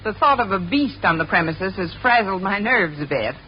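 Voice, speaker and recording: A woman's voice: medium pitch, lively intonation, moderate pace, dull audio. A woman playing a wisecracking schoolteacher in a 1950s radio sitcom, with a playful, flustered manner. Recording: old radio broadcast with live audience laughter and hiss.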